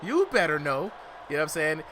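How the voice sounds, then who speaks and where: Hype fight commentator, male, slangy, a bit high-voiced, over a noisy stream mix. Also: sing-song, fairly quick, sharp tone. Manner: hype-driven, slangy, repeats "you know what I'm saying". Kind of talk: live esports-style fight commentary. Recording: noisy livestream audio.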